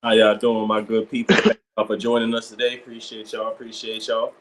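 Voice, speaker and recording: Easygoing co-host, lowish voice. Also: male voice, completely flat delivery, brisk, background noise. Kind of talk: casual live-stream chat.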